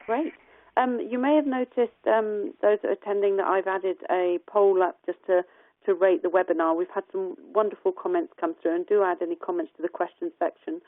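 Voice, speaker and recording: A woman moderates a webinar and relays audience questions. She is hesitant and pauses often with fillers. Her voice comes through a tinny, phone-like line with a dry sound. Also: mid-range voice, fairly even intonation, no room sound. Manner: hesitant, with many fillers when reading out questions.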